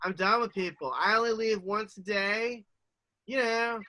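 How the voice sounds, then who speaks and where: A man's voice: high-pitched, a little slow, bright, forceful tone, dry recording. A man co-hosting a podcast from home, grumbling profanely in casual comedic chat. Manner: profane, grumpy hermit shtick. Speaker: podcast co-host.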